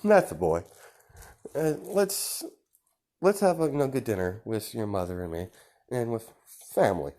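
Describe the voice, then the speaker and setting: A man's voice: fairly low pitch, very animated, moderate pace, long pauses, a little mellow. A man voicing a cheerful, chatty adult woman who is a family friend in a fan-made story. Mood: upbeat.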